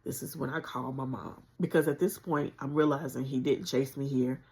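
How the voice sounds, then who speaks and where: Earnest woman with a gravelly voice. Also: rumbling low, fairly even intonation, normal speed, a little mellow. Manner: earnest, conversational, with spiritual conviction. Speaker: channel host sharing a personal story. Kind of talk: emotional personal storytelling on a livestream.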